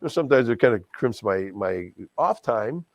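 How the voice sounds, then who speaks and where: Gravelly, animated middle-aged man. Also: medium pitch, moderate pace, no echo. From Wisconsin. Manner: animated, self-deprecating, many restarts and stammered repeats. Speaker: guest, charity auctioneer and stadium announcer. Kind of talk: casual interview storytelling.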